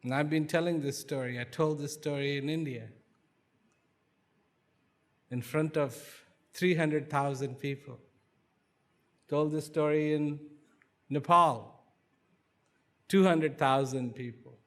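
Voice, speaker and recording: A man giving a lecture at a university, telling a parable with repetition and dramatic pauses. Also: on the high side, steady tone. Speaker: guest speaker. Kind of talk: storytelling lecture. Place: university student activity center.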